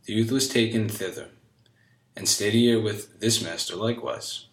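A man reads an old fairy tale aloud in a measured storybook manner, with old-fashioned diction. His voice sits low, and the room around him gives a noticeable echo. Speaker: narrator. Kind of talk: storybook reading. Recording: echoey room.

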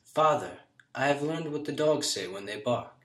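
A man's voice: medium pitch, animated, normal speed, reverberant, voice pushed up, lightly acted. A man doing a mild, fearless young son. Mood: calm.

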